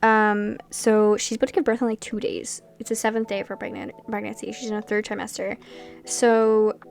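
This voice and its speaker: A young woman chatting casually over her gameplay, rambling from one thought to the next with animated asides. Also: mid-range voice, fairly quick, vocal fry, faint music behind. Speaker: Sims gameplay creator.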